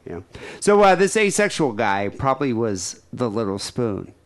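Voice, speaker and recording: Guy cohosting a comedy podcast, blunt, stumbles over words, lively pitch. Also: normal speed. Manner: blunt, stammering. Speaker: podcast co-host. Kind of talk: casual comedy chat.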